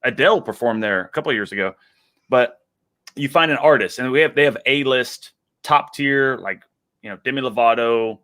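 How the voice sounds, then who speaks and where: A man's voice: medium pitch, moderate pace, pushed and bright, clean tone. A man with a Texan accent chatting casually on a headset, an enthusiastic, drawling storyteller. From Texas. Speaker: guest. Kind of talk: casual chat.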